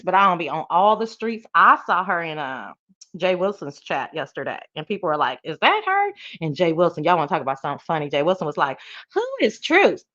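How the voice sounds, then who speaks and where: A woman's voice: lowish voice, pushed and bright, dull audio. A woman hosting a casual live-stream chat, talking in a playful, sassy, slang-filled way and answering her viewers. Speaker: live-stream show host.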